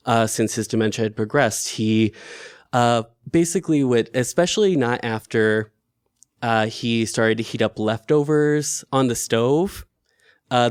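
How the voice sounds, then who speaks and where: A man with a mid-range voice tells a personal story in an earnest, emotional way. His pitch climbs sharply in the upset moments. The sound is dry, with no room echo. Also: darkish tone.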